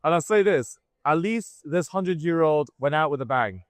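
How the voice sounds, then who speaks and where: British man with a higher voice. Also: animated, moderate pace, dry recording. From Britain. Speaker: guest. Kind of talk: casual livestream chat.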